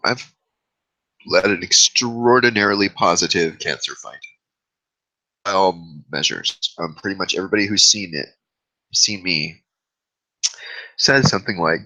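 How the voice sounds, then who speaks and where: A vlog host with a low voice talks candidly and at length about his fears into his own camera, in a confessional monologue. His tone is bright and forceful, his pace moderate with frequent pauses, and the self-recorded camera-mic audio is rough.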